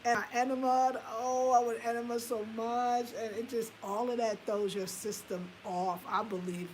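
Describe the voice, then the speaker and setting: A woman in her fifties telling a personal story in a candid, animated way, swearing casually and laughing at herself. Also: a little high, normal speed, a little hiss or hum, poor audio. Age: 50s. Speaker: home design vlogger.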